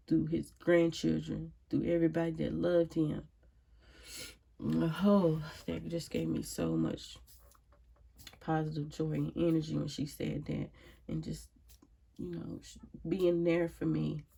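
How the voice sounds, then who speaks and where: Indoors at home, a grieving vlogger talks through a casual personal monologue at a measured pace, her voice deeply gravelly and husky yet warm and steady in tone. Reflective, worn out and emotionally drained, she frequently sighs and voices prayerful exclamations between thoughts.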